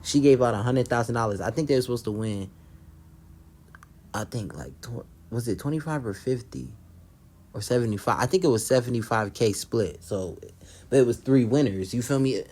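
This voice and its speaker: A man's voice: medium pitch, lively intonation, moderate pace, darkish tone. A young man casually recapping a reality show, blunt and profane, gossiping and acting out what the cast said.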